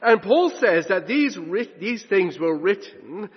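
A preacher delivers a sermon in a fairly high, husky voice, animated and slow, his pitch climbing and dropping widely as he drives home each point. He swings from loud declarations to hushed asides, and the dull recording carries a church hall's long reverb.

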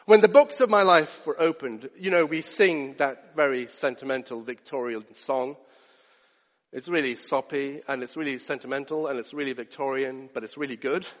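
A man preaching a sermon, earnest, moving from hushed asides up to rising emphatic peaks. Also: medium pitch, normal speed, in a large hall.

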